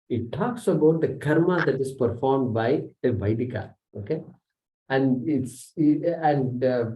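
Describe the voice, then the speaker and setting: A man's voice: medium pitch, warm tone. A man teaching a scripture class, explaining step by step, reciting verses and often saying "okay". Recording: echoey room, mic distant.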